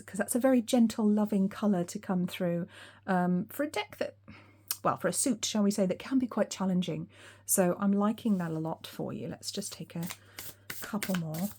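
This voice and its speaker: A woman giving a tarot reading to her viewers, gentle and reassuring, chatting along with soft laughs. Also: medium pitch, husky. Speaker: tarot reader. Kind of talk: solo tarot reading to camera.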